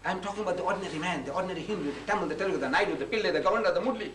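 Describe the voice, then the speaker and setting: A man giving a public lecture, telling stories and acting out conversations in lively voices. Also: high-pitched, very fast. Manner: animated, acts out conversations with shifting voices. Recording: echoey hall, heard from a distance, faint hiss.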